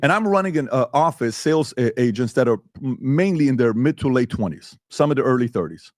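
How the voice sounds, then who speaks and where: A man's voice: mid-range voice, animated, fairly quick, no room sound, clean studio sound. A male podcast host in a heated debate, talking emphatically and firing rhetorical questions.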